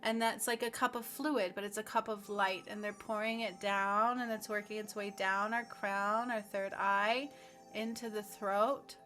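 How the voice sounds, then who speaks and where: Bright-voiced woman leading a healing meditation. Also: medium pitch, fairly even intonation, faint music behind. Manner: slow, earnest, speaking affirmations aloud. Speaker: spiritual healer.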